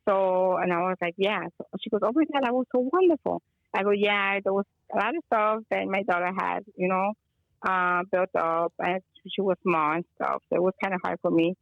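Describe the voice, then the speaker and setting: Gravelly-voiced woman on a lo-fi call. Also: on the low side, flat delivery, normal speed, no echo. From Chicago. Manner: rambling storytelling, switches into Spanish phrases. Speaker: guest, energy healer. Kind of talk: casual phone-in chat. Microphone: phone call.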